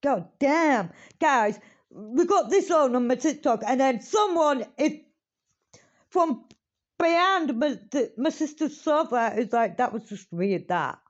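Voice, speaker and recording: A woman's voice: high voice, expressive, takes it slowly. Dramatic woman, lo-fi sound. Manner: dramatic, talks straight to viewers, swears. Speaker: reaction video host. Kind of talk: casual reaction commentary.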